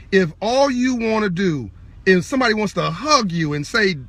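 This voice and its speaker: Man on a live video, husky voice, swooping inflection, fervent sermon-like delivery to camera. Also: high voice. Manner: fervent, direct, preachy, repetitive emphasis; insists on being calm and measured. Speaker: speaker addressing online viewers. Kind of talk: impassioned live-video monologue.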